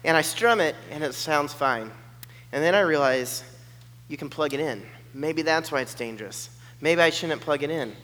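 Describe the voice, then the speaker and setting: High-voiced guy telling a story, animated, doing everyone's voices, bright tone. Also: moderate pace. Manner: animated, acts out the other people's voices. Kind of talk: personal storytelling. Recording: long hall reverb.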